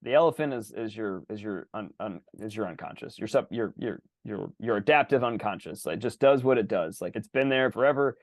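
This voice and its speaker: A man hosting a podcast, telling a rambling, animated story in casual chat and swearing freely. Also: on the low side, fairly quick, hardly any pauses, no room sound. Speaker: podcast host.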